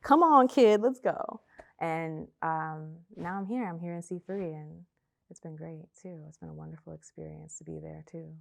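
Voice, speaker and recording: Woman, young adult, low pitch, gravelly fry, emotional, halting, personal testimony. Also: flat delivery, a little mellow. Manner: emotional, halting, repeats herself. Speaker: testimony speaker.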